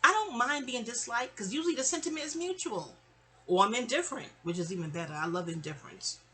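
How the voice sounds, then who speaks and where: Bright-voiced, chatty middle-aged woman storyteller. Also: fairly high pitch, fast talker, slight background noise. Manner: chatty and animated, acting out quoted voices. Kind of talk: casual storytime monologue.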